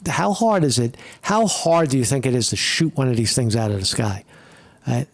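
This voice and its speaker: A man's voice: mid-range voice, animated, moderate pace, creaky, no echo. A man casually commenting on news footage in a rambling, repetitive, profane way.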